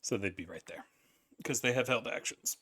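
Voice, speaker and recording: A man running a tabletop game as game master, casual and quick to laugh and swear. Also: medium pitch, fairly bright tone, breathy edge.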